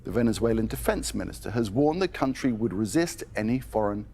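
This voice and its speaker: A male news anchor reading a scripted broadcast in a measured, formal way. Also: fairly low pitch, lively intonation, gravelly, darkish tone, a little hiss or hum.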